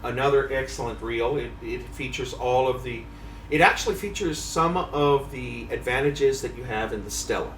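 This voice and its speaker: A man's voice: mid-range voice, a bit bright, distant mic, slight background noise. Chatty man, echoey and off-mic. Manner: chatty, storytelling, hesitant pauses. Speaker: fishing magazine editor, guest. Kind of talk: casual chat. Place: fishing trade show.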